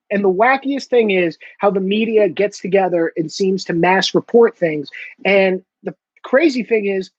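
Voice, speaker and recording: A man's voice: high voice, slightly rough, no echo. A man hosting his own show, ranting in a sarcastic, profane, mocking monologue. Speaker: online show host. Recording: dull lo-fi dry sound.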